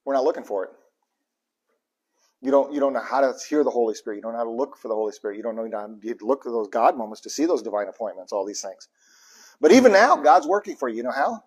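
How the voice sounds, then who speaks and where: Husky-voiced man preaching with loud bursts. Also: mid-range voice, animated, fast. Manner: impassioned preaching, swings from hushed to loud bursts; chuckles between points, repeats lines for emphasis. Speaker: pastor. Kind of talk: live sermon.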